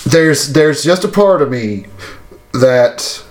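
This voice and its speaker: A man's voice: mid-range voice, expressive, takes it slowly, a little hiss or hum. A man in casual chat who speaks bluntly and emphatically, with plenty of swearing.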